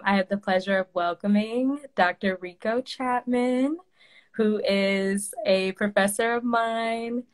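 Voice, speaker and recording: A woman in her twenties, a graduate student hosting a casual live video interview, friendly and full of fillers. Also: mid-range voice.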